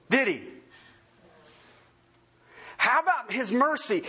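A male pastor delivers a sermon and keeps turning to his listeners with questions. His voice sits high and bright, with a wide, swooping pitch. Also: unhurried, long pauses, husky. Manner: animated, asks the congregation many questions.

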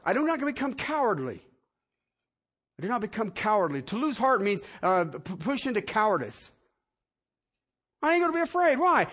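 A pastor preaches a sermon in a very high, fairly bright voice. He speaks conversationally and often asks the congregation questions.

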